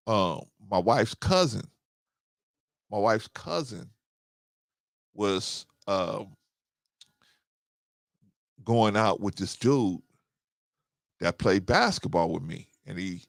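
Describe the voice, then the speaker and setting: This host's voice is lowish and creaky, with a fairly bright tone, as he tells personal stories on a casual show, playing both sides of each conversation and commenting on the live chat. The recording is dry and of studio quality.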